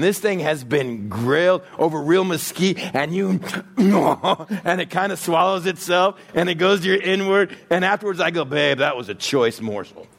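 A man preaching a sermon, joking and acting out quick bits of everyday talk. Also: a little high. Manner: animated, joking, acts out little voices. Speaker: pastor.

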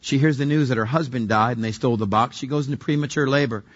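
A man's voice: medium pitch, fast talker, dull audio. A male pastor preaching a sermon in a conversational, humorous way, acting out little scenes as he goes.

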